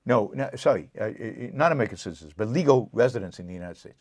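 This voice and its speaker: A man hosts his own commentary show with a lowish voice and a fiery, indignant delivery. He hammers points home by repeating them and talks straight back to viewers' comments. The sound is dry and close, with no room echo. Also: quick pace, a little mellow. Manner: impassioned, indignant, repeats himself for emphasis; answers viewer comments directly. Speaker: show host. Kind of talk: solo political commentary.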